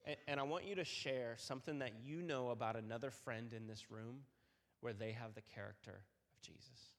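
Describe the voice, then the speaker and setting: A man preaches to a youth group, telling a story with many fillers and restarts. His voice sits at a middling pitch. A long hall reverb trails his words. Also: a little fast. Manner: animated storytelling, many fillers and repeated starts. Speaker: youth pastor. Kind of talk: youth sermon with personal story.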